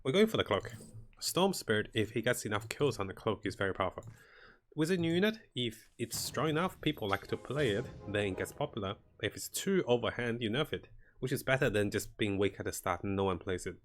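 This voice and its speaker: Gamer guy, lowish voice, relaxed play-by-play, thinking aloud over faint hiss. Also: brisk. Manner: thinking aloud, relaxed, talks to himself and the game. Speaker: gaming commentator. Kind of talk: casual live gameplay commentary.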